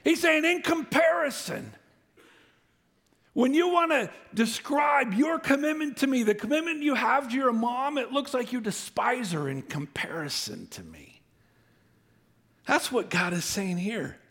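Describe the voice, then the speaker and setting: A man preaching a sermon, speaking with animated intensity and acting out God's words with rising emphasis. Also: very high-pitched, a little slow. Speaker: pastor.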